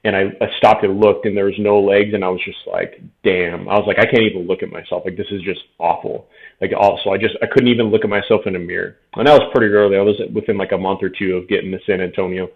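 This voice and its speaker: A man's voice: lowish voice, little pitch movement, fast, hardly any pauses. A man in his thirties, a veteran guest telling his story frankly in a casual interview, often quoting himself. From Tucson, Arizona. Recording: tinny phone-like audio.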